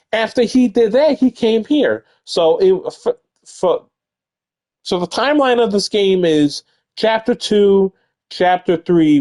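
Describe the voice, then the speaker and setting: A man's voice: high-pitched, darkish tone. A male streamer casually thinking aloud about a game's timeline, rambling with restarts. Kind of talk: casual gaming commentary.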